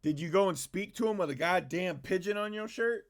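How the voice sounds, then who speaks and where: A man hosting a reaction video, joking around and swearing casually as he comments. His voice sits slightly above average, relaxed and conversational. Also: high-pitched, a little fast, background noise. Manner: joking, profane, laid-back.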